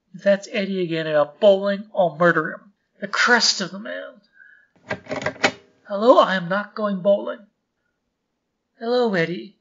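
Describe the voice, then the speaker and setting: An actor playing a timid, meek office artist who stammers nervously and apologizes in a radio drama re-creation. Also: male voice, high voice, a little hiss or hum. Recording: dull lo-fi radio-style recording.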